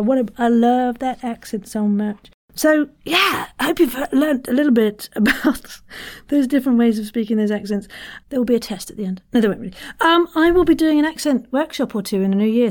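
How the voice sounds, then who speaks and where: Lady voice coach rambling through a podcast lesson, jokey and loose, mid pitch. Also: a little mellow. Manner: chatty and playful, self-deprecating with frequent laughs. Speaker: voice and accent coach, podcast host. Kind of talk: casual podcast accent lesson.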